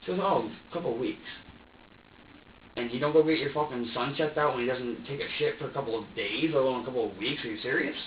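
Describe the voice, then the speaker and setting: A man's voice: mid-range voice, slight background noise. A man in his twenties giving a rambling, profane statement during a police interrogation, stumbling over repeated words. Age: 20s. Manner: rambling, profane, halting repetitions. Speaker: suspect being questioned. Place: interview room. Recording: dull, distant, echoey room recording with faint ambience.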